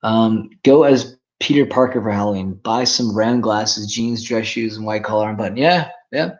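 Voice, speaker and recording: A man's voice: fairly low pitch, normal speed, dull audio. A man in his twenties, rambling and swearing casually while reacting to chat on a livestream. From Canada. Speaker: streamer.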